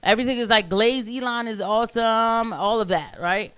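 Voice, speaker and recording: A man's voice: sits high, moderate pace, pushed and bright, smooth. A man hosting his own political commentary stream, talking in a rambling, heated way with many restarts and asides. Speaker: commentary show host.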